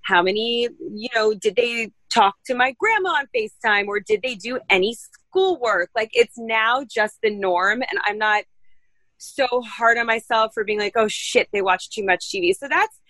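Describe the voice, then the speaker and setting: A woman's voice: a little high, expressive, moderate pace, sharp tone, dry recording, poor audio. A woman co-hosting a casual podcast chat, upbeat and gushing. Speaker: podcast co-host. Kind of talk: casual chat over video call.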